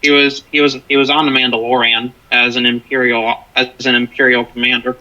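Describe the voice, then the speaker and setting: A man chatting about movies as a guest, keeping his replies relaxed and short. His voice is very sharp and bright, and it comes through dull and lo-fi. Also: medium pitch, brisk. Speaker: co-host guest. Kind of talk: casual movie discussion.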